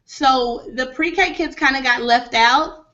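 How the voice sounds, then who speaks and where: A woman's voice: high-pitched, slow pace, bright, forceful tone. A woman parent on an online panel, speaking earnestly with many fillers. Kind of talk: casual video-call discussion. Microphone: video call. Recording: dull lo-fi video call audio.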